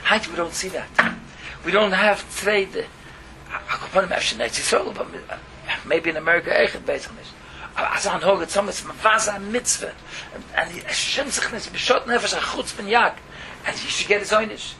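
A man's voice: high voice, fairly quick. A man teaching a Torah lesson as a rabbi, telling stories, mixing in words and leaping up in exclamations. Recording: steady background hiss.

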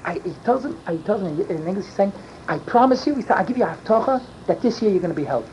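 A man's voice: high voice, animated, fast talker. An older man telling a long story, often raising his voice and mixing in Yiddish and Hebrew words. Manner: yelling and emphatic. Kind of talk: animated storytelling. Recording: dull lo-fi recording with loud background noise.

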